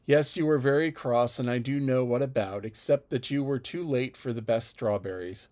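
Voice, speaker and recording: A man voicing a spirited, witty young gentlewoman with a teasing manner. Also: medium pitch, normal speed, close to an everyday voice.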